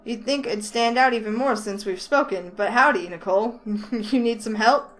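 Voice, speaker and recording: A woman voicing a grumpy, blunt young male store clerk with a Southern accent, flat and stubborn. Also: on the high side, normal speed, close to an everyday voice, poor audio. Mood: dry.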